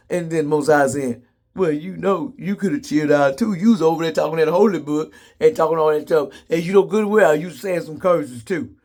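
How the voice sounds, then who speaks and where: A man's voice: on the high side, a little fast, darkish tone. A man telling comedic stories to the camera in a sassy, blunt way, laughing often. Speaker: vlogger. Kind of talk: casual comedic storytelling.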